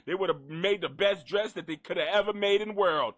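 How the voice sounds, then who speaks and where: A man hosting a comedic gossip commentary, talking in an animated, profane way and repeating lines for effect. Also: high voice, fairly quick, hardly any pauses. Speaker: host.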